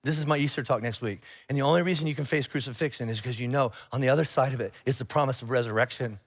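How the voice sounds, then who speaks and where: A man preaching a sermon to a church congregation in a conversational, animated way, acting out little exchanges of dialogue. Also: medium pitch, very fast. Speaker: pastor. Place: church auditorium.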